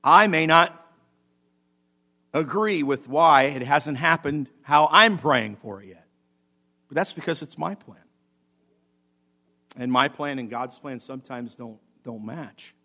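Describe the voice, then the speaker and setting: Male pastor, sermon, lively delivery, loud emphasis then quiet asides, slightly high voice. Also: slow, long pauses. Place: church.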